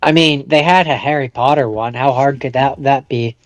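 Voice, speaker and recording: A man's voice: medium pitch, moderate pace. A man co-hosting a podcast in casual chat, hedging his points with "I mean" and "I don't know". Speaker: podcast co-host.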